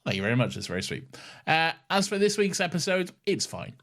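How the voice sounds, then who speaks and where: A man's voice: on the high side, a little fast. A young man in his twenties co-hosting a casual podcast, reading listener emails and laughing often. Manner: giggly, animated, often laughs mid-sentence. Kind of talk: casual chat.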